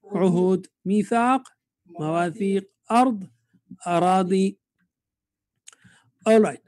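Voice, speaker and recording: A man teaching Quranic Arabic in an online class, saying word forms slowly and having students repeat them. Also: high-pitched, dark tone, no echo. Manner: drills words slowly, asks class to repeat. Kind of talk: online lesson with drills.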